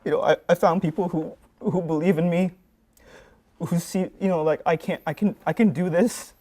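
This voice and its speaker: Sincere young man, slightly high voice. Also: fairly even intonation, normal speed, darkish tone. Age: young adult. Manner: sincere, rambling with fillers. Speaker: graduating student analyst. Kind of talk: heartfelt farewell speech.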